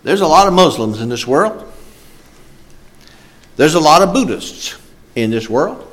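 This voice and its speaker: A preacher man delivers his sermon in a lively, swooping voice that sits a little high for a man. His cadence is emphatic, broken by frequent filler sounds as he builds each point. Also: unhurried.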